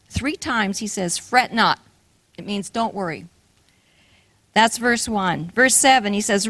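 A woman's voice: mid-range voice, fairly bright tone, no echo. Older woman preaching with dry close sound. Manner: earnest, storytelling, addresses the audience with questions. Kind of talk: sermon with personal story.

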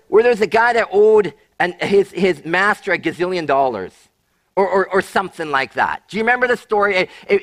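A male pastor preaching a sermon, animated, often repeating and restarting words and acting out the voices of people in a Bible story. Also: high-pitched.

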